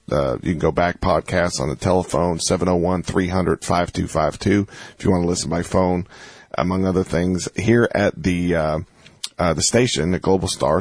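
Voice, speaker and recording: In a low voice on a dry recording, a talk radio host chats casually with his co-host. He rambles, keeps restarting his sentences and repeats phone numbers.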